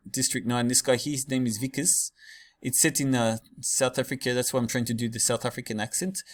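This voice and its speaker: A man teaching a class in a casual, digressive lecture full of fillers and asides. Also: mid-range voice.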